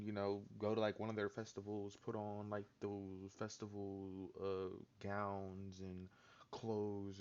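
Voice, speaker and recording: A man hosting a casual chat, talking loosely and jokingly with lots of slang and filler words. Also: on the low side. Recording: dull lo-fi sound.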